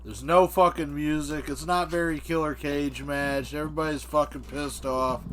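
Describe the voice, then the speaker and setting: A man's voice: a little high, steady tone, normal speed, fairly bright tone. A man co-hosting a podcast, riffing on a comic scenario with profanity in casual chat. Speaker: podcast co-host.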